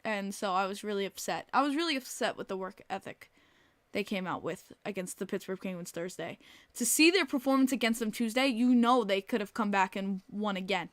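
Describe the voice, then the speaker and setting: A woman's voice: mid-range voice, animated, a little fast, no room sound. A woman hosting a casual live-stream podcast, talking bluntly and swearing freely while reading chat aloud. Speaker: podcast host.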